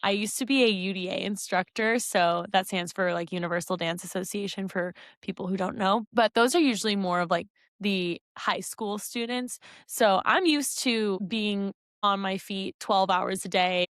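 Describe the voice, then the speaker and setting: A woman's voice: medium pitch, normal speed, few pauses, dry recording. Tell it like a chatty young woman, dry and close. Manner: animated storyteller, lots of "like". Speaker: podcast co-host and dance instructor. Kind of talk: casual chat.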